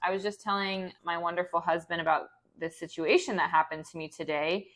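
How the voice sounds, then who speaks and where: A woman's voice: on the low side, a little fast. Young woman podcast cohost, chatty storytelling, acts out everybody in it. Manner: animated, acts out voices in her story. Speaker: podcast co-host. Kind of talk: casual storytelling chat.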